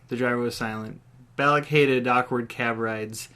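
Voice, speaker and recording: A man's voice: mid-range voice, fairly even intonation, normal speed, pushed and bright, clean tone. A man hosting a podcast, reading his own comedic story aloud and laughing at his own jokes.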